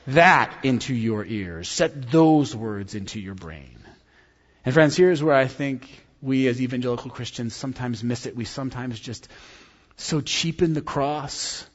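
A man's voice: medium pitch, a little slow. A man preaching a sermon as pastor, telling stories conversationally and repeating key lines for emphasis. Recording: dull sound with long hall reverb.

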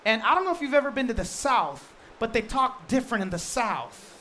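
A man's voice: extremely high pitch, brisk, a little hiss or hum. Jokey, emphatic male pastor preaching. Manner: lively and joking, with emphatic repeated restarts. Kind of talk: sermon.

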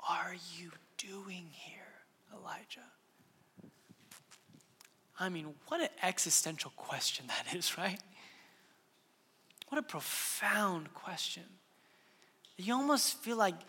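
A man's voice: sits high, creaky, sharp tone, big-room sound. A man in his thirties preaching a sermon earnestly, with frequent restarts and sudden drops to a whisper. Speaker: pastor.

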